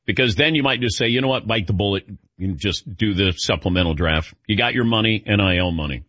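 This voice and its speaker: Husky, bright-voiced sports radio host. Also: male voice, on the low side, a little fast, no room sound, lo-fi sound. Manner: conversational, chatty. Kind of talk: casual call-in radio talk.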